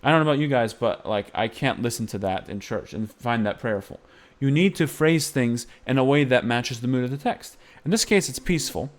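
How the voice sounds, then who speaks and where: A man's voice: mid-range voice, brisk, hardly any pauses. A man teaching Byzantine-style chant phrasing, explaining patiently and singing short phrases to demonstrate. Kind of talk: music lesson with sung demonstrations.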